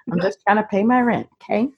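A woman hosting a casual interview, relaxed and laughing easily as she asks questions. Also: medium pitch, fairly quick, muffled recording. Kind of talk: casual conversation.

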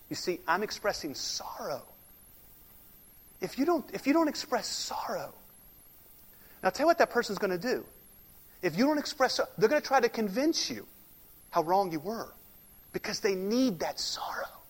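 High-voiced preaching man in reverberant hall. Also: big pitch swings, moderate pace, long pauses. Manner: emphatic preaching, swinging from loud declarations to hushed near-whispers. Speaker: pastor. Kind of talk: sermon.

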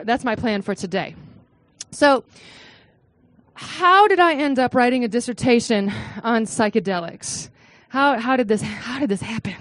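A woman from the US Midwest giving an animated academic talk to an audience, with frequent "right?" asides and excited acted-out quotes. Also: dry recording. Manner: acts out quotes in a high excited voice. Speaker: lecturer.

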